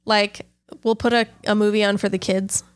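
A woman's voice: mid-range voice, little pitch movement, normal speed, clean tone. Giggly, crude podcast co-host woman. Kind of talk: casual comedic chat.

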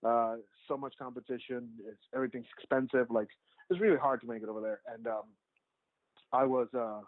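A man's voice: mid-range voice, fairly even intonation, brisk, dry recording. A man who makes documentaries, telling his story in a casual, rambling way full of "like" and restarts. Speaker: documentary filmmaker. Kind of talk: casual storytelling interview answers. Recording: tinny phone-like line, dry.

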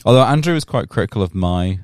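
Brief: low-voiced male co-host, lively teasing banter, dry close sound. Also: quick pace, no room sound. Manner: jokey, sweary, teasing. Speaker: podcast co-host. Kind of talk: casual comedic banter. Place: small stuffy home studio.

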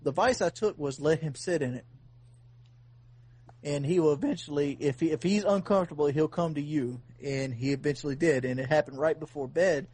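A man's voice: a little high, a little fast, a little mellow, husky. A man hosting a casual podcast chat, telling a long earnest story with many restarts.

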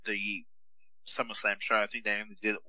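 A man in his thirties rambles easily through a podcast chat, full of ums and uhs. His voice is low-set but strikingly bright and sharp. The recording is dry and close. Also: level tone, a little fast, no echo, poor audio. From Australia. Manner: easygoing, rambling, with many fillers. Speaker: podcast co-host. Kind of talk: casual chat.

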